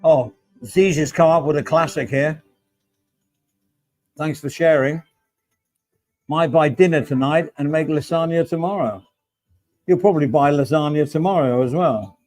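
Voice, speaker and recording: A man's voice: fairly high pitch, a little slow, pauses often, a little mellow, faint music behind, poor audio. A middle-aged man hosting a casual livestream, reading out chat and joking with viewers by name. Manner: chatty, jokey, addresses viewers by name.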